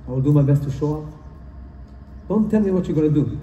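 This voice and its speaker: Recorded from a distance in an echoey conference hall, this speaker delivers an earnest, repetitive motivational talk in non-native phrasing. He sounds a little high yet dark in tone, animated and quick, with a faint hiss or hum.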